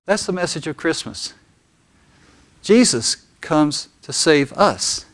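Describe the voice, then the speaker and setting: A man preaching a sermon as pastor, telling stories earnestly with deliberate pauses. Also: on the high side, expressive.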